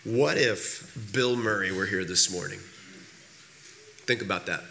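A man preaching in a church while he gets over a cold, his voice lowered and a bit rough. He talks in an easy, conversational way and often restarts words. His tone stays low but bright and forceful. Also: measured pace, a little hiss or hum. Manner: casual and conversational, with frequent fillers and repeated words. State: recovering from a cold, voice lower than usual. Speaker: pastor. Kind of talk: sermon. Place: church sanctuary.

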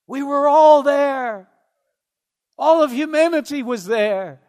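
A man preaching a sermon in a slow, earnest way, with dramatic pauses. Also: extremely high pitch, expressive, a little mellow, long reverb tail. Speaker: pastor.

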